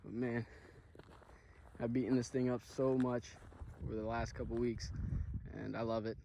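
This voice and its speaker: A man's voice: medium pitch, level tone, normal speed, creaky, background noise. A tired, out-of-breath man recording a loose, chatty review vlog outdoors on riding trails, talking with lots of fillers and repeats. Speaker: vlogger reviewing his ATV.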